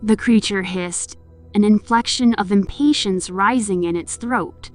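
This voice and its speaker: With a medium-pitched voice and a measured pace, a woman tells a horror story over background music. She performs the heroine's pleading lines with real emotion.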